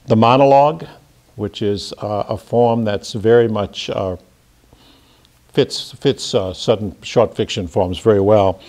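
A man, a creative writing professor, leading a seminar lecture in a halting way, with fillers and restarts. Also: fairly low pitch, a little mellow.

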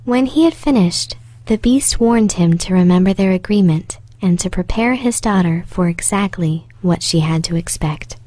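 Woman storyteller, gentle near-whisper reading, mellow dark tone, dry close sound. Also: lowish voice, normal speed, no echo. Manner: very soft, partly whispered. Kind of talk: soft storybook narration.

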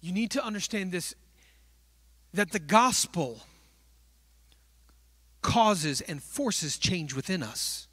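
A man preaching a sermon in a church, telling stories in an animated way and acting out little dialogues. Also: high-pitched, slow, pauses often, no echo.

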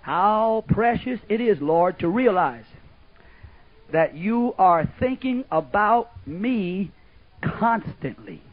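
A man preaching a sermon, swinging from loud fervor to hushed asides and chuckles. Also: high-pitched, animated, slow. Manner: fervent preaching, swings from shouts to hushed asides, laughs often. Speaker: pastor. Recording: muffled old tape recording.

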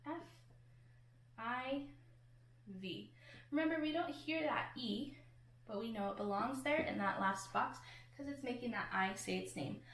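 A woman's voice: a little high, normal speed, a bit bright. A woman teacher giving a patient phonics lesson to children, sounding out words and letters one at a time. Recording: echoey room.

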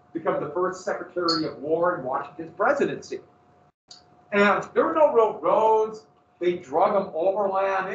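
Male teacher, classroom lecture, lively and questioning, higher voice, roomy room sound. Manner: animated storytelling, asks the class questions. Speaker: history teacher. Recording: roomy, distant, dull classroom recording.

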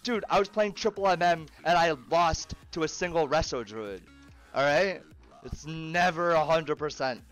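A man's voice: fairly high pitch, normal speed, a bit bright, smooth, faint music behind. A man streaming a game live, swearing, groaning in frustration and laughing between outbursts. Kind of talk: live gaming stream chatter.

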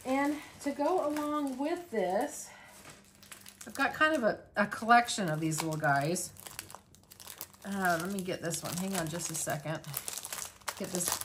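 A woman's voice: mid-range voice, unhurried, long pauses, fairly bright tone, a little hiss or hum. Chatty woman hosting a craft vlog. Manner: chatty, rambling, informal. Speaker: crafting channel host. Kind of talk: casual unboxing vlog chat.

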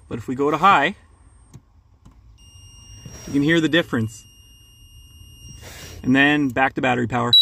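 Higher-voiced mechanic, plain-spoken. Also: male voice, a bit bright. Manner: plain-spoken, hands-on, practical. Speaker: mechanic, channel host. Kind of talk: casual how-to tutorial.

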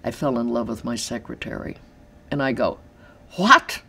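An older woman telling stories in an interview from her apartment, animated and acting out the voices of others. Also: a bass voice, a little fast, vocal fry. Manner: animated, acts out quoted voices, laughs easily. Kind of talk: storytelling in an interview. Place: large empty room in her apartment.

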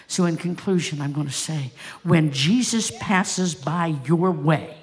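A woman's voice: low voice, unhurried. A woman pastor preaching a sermon, telling stories with passion and asking the congregation rhetorical questions.

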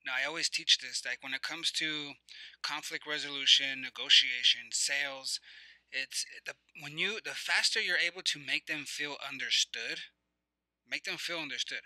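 In a rough, dry recording, a man with a fairly high, bright voice speaks at a moderate pace and a forceful tone. He's a motivational coach guiding reflective questions and breathing cues, talking conversationally and repetitively with lots of fillers and restarts.

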